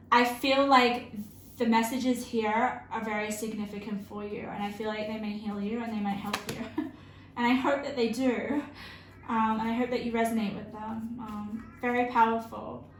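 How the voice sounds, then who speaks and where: A woman's voice: on the high side, steady tone. Emotional woman giving a tarot reading. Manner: emotional, earnest, halting with many fillers. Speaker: tarot reader. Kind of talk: intuitive tarot reading to viewers. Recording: roomy with faint background hiss.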